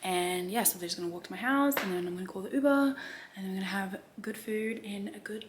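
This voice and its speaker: A woman in her twenties chatting casually to camera for her vlog, rambling with lots of fillers and sometimes dropping her voice low. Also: fast talker. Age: 20s. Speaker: vlogger. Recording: noisy background.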